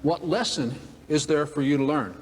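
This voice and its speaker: A man's voice: a little high, moderate pace, slight background noise. A man giving a humorous motivational talk to an audience, telling folksy stories. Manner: folksy, joking, acts out characters. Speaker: motivational speaker. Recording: long hall reverb, faint ambience.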